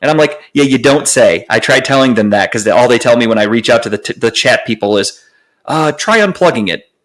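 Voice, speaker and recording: A young man co-hosting a podcast, telling a long story in casual chat, animated and profane, with lots of fillers. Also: mid-range voice, fast. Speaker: podcast co-host.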